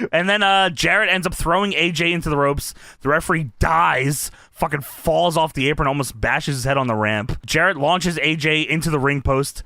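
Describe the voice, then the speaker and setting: A man chatting casually as a podcast co-host, excitable, swearing a lot and laughing often while recapping a match. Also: on the high side, moderate pace, hardly any pauses, dry recording, clean studio sound. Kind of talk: casual wrestling commentary chat.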